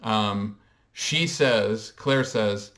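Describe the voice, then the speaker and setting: A pop culture vlogger offers casual commentary in a lowish, slightly bright voice, speaking very slowly. He sounds reflective and hesitant, using frequent ums as he explains things and coins terms.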